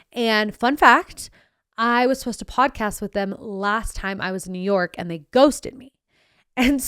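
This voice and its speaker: A woman's voice: fairly high pitch, clear, resonant tone, dry recording, clean studio sound. A young woman hosting a podcast, telling a story in a sarcastic, bubbly, chatty way and acting out the people she quotes. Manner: sarcastic, bubbly, quotes herself in animated voices. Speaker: podcast host. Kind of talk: casual storytelling monologue.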